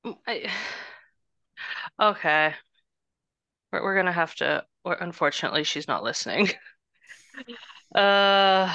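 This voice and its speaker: A woman's voice: on the low side, bright, forceful tone, no echo. A woman playing a tabletop game, speaking hesitantly, half in character. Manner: hesitant, halting. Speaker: player. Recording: dull lo-fi mic.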